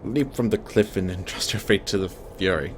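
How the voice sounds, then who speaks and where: A man's voice: deep voice, moderate pace, noisy background, natural voice. A man voicing a stern inquisitor from a fantasy game with a grave, stately, mock-Shakespearean delivery. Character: stern male inquisitor, older, judgmental.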